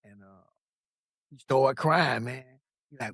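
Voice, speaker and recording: A man from Long Beach, California, a podcast guest telling his story in a casual, animated way, acting out the voices of people he quotes and swearing freely. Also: medium pitch, slow, breathy edge, dry recording, studio quality.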